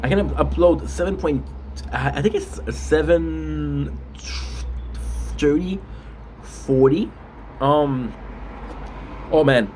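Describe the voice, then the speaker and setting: A man's voice: a little high, takes it slowly, pauses often, darkish tone, slight background noise. A man chatting casually on a live stream while eating spicy food, rambling with restarts and frequent mm sounds.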